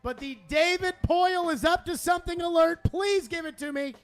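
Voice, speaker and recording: A man's voice: extremely high pitch, moderate pace, soft background music. A man hosting sports talk radio, exasperated and sarcastic, repeating himself as he rants.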